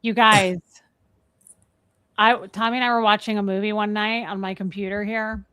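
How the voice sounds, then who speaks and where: A woman co-hosting a casual live stream, telling a story with animated energy and thanking viewers by name. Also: medium pitch, normal speed, clear, resonant tone, no echo, clean studio sound.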